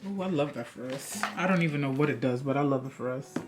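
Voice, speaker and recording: A woman's voice: rumbling low, fast talker, music in the background. A young woman vlogging a dramatic unboxing, theatrical and sassy, chatting straight to her viewers.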